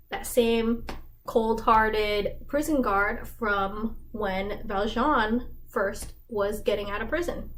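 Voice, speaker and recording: A woman's voice: medium pitch, a little hiss or hum, poor audio. A woman giving a casual, slangy plot summary, chatty and full of likes. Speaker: fandom explainer host.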